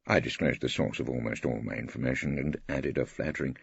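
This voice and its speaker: An older English man narrating an audiobook in the first person, dry, wry and measured. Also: extremely low pitch, gravelly, slightly rough, dry recording. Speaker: audiobook reader. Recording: dull dry studio audiobook.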